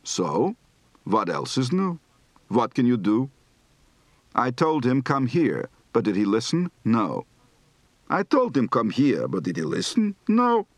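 A man's voice: mid-range voice, wildly swooping pitch, slow, no room sound, heavily acted. A man putting on a Polish Yiddish accent as a complaining older man, with strongly rising and falling intonation for an accent demonstration. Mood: exasperated.

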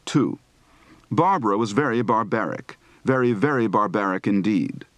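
A man reading drills slowly and deliberately. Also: lowish voice, lively intonation, a bit bright, dry recording, lo-fi sound. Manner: precise, deliberate, over-enunciated. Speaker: speech teacher. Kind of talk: slow accent drill, reading word lists.

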